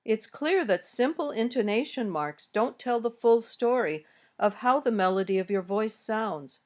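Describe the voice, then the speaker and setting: An American woman reading a scripted English lesson, modeling sentences slowly and carefully as a teacher. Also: on the high side, animated, a little mellow. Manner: slow, careful, clearly modeled example sentences. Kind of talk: scripted instructional narration.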